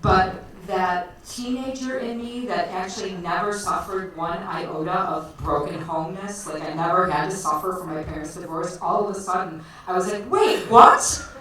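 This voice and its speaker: A woman's voice: lowish voice, normal speed, hardly any pauses. Chicago woman telling a story at a bar night, laughs a lot, far mic, really echoey, faint hiss. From Chicago area. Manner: chatty, laughs often, many fillers. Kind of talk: live personal storytelling. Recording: echoey live room, distant mic, faint noise.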